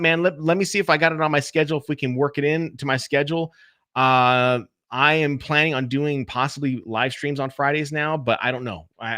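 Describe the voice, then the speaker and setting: A man's voice: mid-range voice, bright, forceful tone, no echo, studio quality. A man hosting a casual live-stream Q&A about podcasting, chatting loosely and speaking straight to his viewers. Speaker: podcast host.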